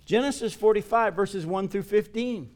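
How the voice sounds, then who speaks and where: A man preaching a sermon and reading scripture aloud. He talks earnestly and gets louder and higher to stress a point. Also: normal speed. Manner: earnest, rises in pitch and volume for emphasis. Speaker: pastor.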